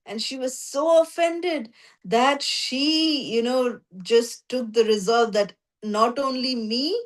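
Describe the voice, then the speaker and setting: A woman's voice: on the high side, slow. A woman teaching a scripture class, telling the story animatedly with many 'you know' fillers. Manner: animated storytelling, acting out voices.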